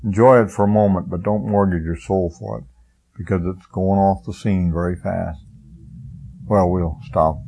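A man's voice: low voice, fairly even intonation, normal speed, creaky, dark tone, breathy edge, poor audio. An older man preaching a folksy, rambling sermon, telling homespun stories between points. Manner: folksy, rambling storyteller with chuckles.

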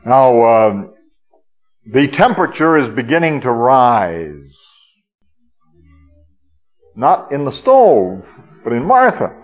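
A man's voice: mid-range voice, very animated, slow, pauses often, lo-fi sound, faint music behind. A man preaching a sermon, teaching earnestly with frequent hesitations and fillers.

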